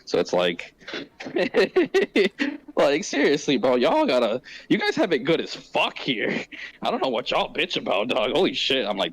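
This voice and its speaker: A man hosting a casual podcast, talking in a profane, slangy way and going off on quick tangents. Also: mid-range voice, big pitch swings, rough recording. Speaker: podcast host. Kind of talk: casual chat.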